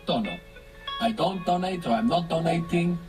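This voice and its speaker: A man's voice: on the high side, expressive, moderate pace, over music, low-quality recording. Guy teaching a language class, patient, keeps asking questions, voice goes up and down a lot. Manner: patient, explaining step by step and prompting with questions. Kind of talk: guided language lesson.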